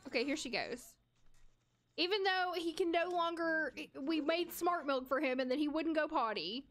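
Here a young woman's high, fairly bright voice runs at normal speed while she plays a game live. Giggling frequently, she chats loosely with her audience and addresses her in-game characters too.

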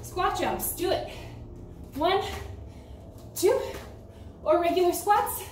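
High-voiced woman coaching a home workout. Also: slow pace, slight background noise. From United States. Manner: upbeat, counting reps aloud while exercising. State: out of breath. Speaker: fitness instructor. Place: home room with ceiling fan. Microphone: camera some distance away. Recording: roomy, distant from the mic, with music. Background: background music.

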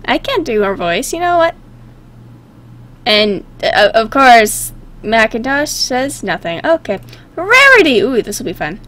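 A woman's voice: a little high, sing-song, a little slow, fairly bright tone, a little hiss or hum. A woman hosting a gaming video, chatting casually and giggling as she reacts and tries out silly character voices. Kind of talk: casual game commentary.

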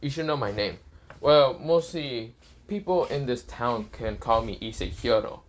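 A man's voice: mid-range voice, animated, unhurried, close to an everyday voice. A man voicing a cocky, possessive young demon-slayer hero.

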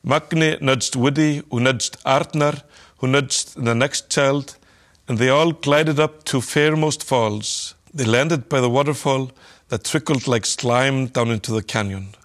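A man reading a children's story aloud in a calm, measured way. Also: medium pitch. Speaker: narrator.

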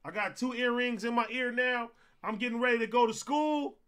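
Loud, high-voiced young man telling a story. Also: moderate pace, smooth. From Compton, California. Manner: animated, profane storytelling, acting out quotes. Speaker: streamer host. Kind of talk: casual storytelling on a livestream.

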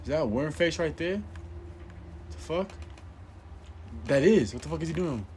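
A man's voice: on the high side, animated, fast talker, darkish tone, a little hiss or hum. A young man giving casual, profane commentary while playing a hard game, getting more and more frustrated. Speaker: gameplay streamer.

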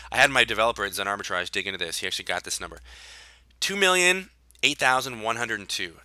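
A man's voice: lowish voice, bright, forceful tone, dry recording. Male solo explainer; punchy, emphatic delivery, dry close recording. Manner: emphatic, sarcastic asides, repeats key points. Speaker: online seller educator.

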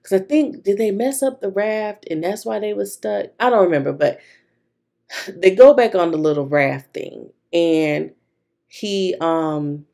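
A young woman vlogger chatting casually while decorating her planner, retelling a story to her viewers in a lively, talkative way. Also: medium pitch, unhurried, vocal fry.

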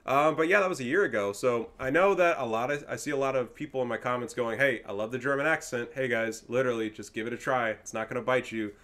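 A man's voice: medium pitch, fast talker, hardly any pauses, fairly bright tone. A young man casting his own strategy game online, talking in a casual, slangy and profane way and laughing often. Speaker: gaming YouTuber and caster. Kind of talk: casual gameplay commentary.

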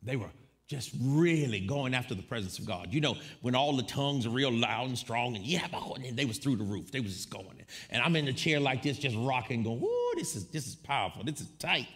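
A man's voice: medium pitch, fairly quick. A man preaching a storytelling sermon, acting out the people in his story as he goes. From United States. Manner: animated, acts out quoted voices.

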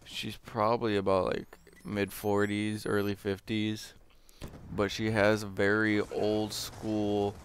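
Young guy doing gameplay commentary, flat monotone, rambly and hesitant. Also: on the low side, slow pace, slight background noise. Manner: rambling, hesitant, many fillers.

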